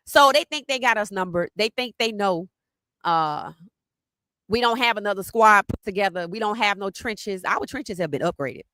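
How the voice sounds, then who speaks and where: A woman hosts a live sports podcast stream. Her voice is bright and forceful. She sounds animated and teasing, and the recording is dry and close. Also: mid-range voice, moderate pace, dry recording. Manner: animated, teasing, greets chat viewers by name.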